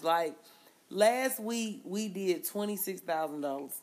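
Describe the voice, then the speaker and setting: A young woman co-hosting a casual podcast, telling stories loudly with lots of laughter and profanity. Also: lowish voice, unhurried. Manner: loud, laughing, profane storytelling. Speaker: podcast co-host. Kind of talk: casual chat.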